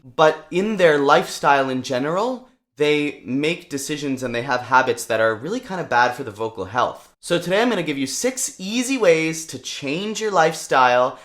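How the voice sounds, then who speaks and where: Brief: young male vocal coach, lively, mid-pitched, talks through a singing lesson and shows sounds with his voice.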